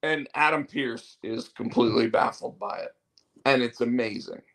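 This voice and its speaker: A man's voice: medium pitch, moderate pace, a bit bright. A man hosting a show, chatting casually in a rambling, opinionated way. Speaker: show host. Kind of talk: casual wrestling chat.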